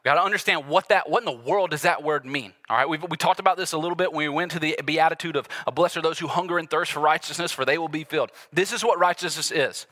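Bright-voiced man preaching conversationally. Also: on the high side, fast talker, hardly any pauses. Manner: conversational storytelling preacher, acts out quotes. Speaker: pastor. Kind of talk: sermon.

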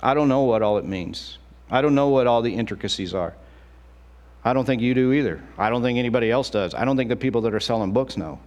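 A middle-aged male pastor preaching a sermon in an animated, conversational way, acting out quotes as he goes. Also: medium pitch, quick pace.

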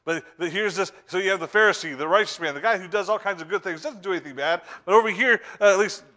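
Speaking fast in a voice that sits high, a preacher delivers a fervent sermon. Words get repeated and restarted as he shifts from loud urgency to quiet, hushed moments.

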